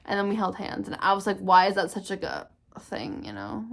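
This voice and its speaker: A woman's voice: mid-range voice, fairly quick, vocal fry. Candid young woman telling a storytime. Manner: candid, swears often, animated retelling. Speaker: vlogger. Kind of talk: casual storytime.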